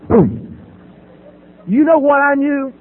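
A middle-aged man giving a personal testimony at a recovery meeting podium, dramatic, swinging from loud emphasis to hushed quiet. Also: extremely high pitch, expressive, takes it slowly, phone-quality sound. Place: at a podium before an audience. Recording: phone-thin audio with faint hum.

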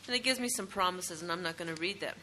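A woman's voice: lowish voice, fast, bright, forceful tone, slight background noise, rough recording. A woman leading a meeting, reading passages from a book aloud and summing them up. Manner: reads passages, then sums them up.

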